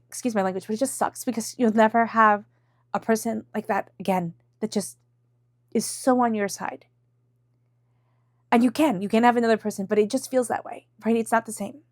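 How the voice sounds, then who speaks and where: A woman's voice: medium pitch, gravelly, a little mellow, no room sound, clean studio sound. A woman giving an intuitive tarot reading in a chatty, emotional way, full of fillers and asides. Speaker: tarot reader.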